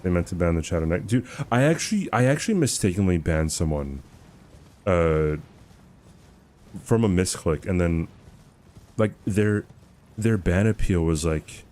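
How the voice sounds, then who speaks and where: Streamer, male, very low and mellow voice; loose, slangy, rambling stream chat into a home mic. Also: expressive, a little slow, pauses often. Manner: laid-back, slangy, rambling. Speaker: livestreamer answering chat.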